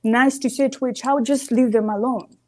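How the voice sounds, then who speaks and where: A woman's voice: on the high side, steady tone, moderate pace. A woman calling in to a live show, earnest and emphatic, often asking "you see". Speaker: caller. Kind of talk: call-in opinion.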